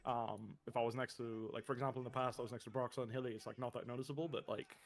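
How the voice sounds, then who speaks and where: A man's voice: medium pitch, steady tone, very fast. A young man and former pro gamer chatting casually on stream, rambling and repeating words, swearing often.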